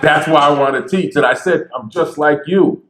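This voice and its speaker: A man who stutters, telling stories on stage in a lively, conversational way and acting out the people he quotes. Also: fairly high pitch, normal speed. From Bridgeport, Connecticut. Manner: animated, conversational, acts out quotes. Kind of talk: storytelling talk. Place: theater stage. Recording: echoey theater.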